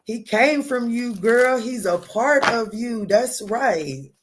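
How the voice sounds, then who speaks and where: A woman giving a live tarot reading, talking straight to her viewers in an animated, emphatic way, using pet names and casual swearing. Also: a little high, slow pace, background noise. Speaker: tarot reader answering live chat.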